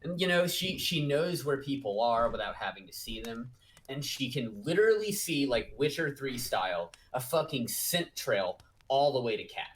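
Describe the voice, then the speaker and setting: Animated, joking male co-host. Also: medium pitch, slight background noise, rough recording. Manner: animated, swearing, quick to joke. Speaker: podcast co-host. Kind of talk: casual review chat.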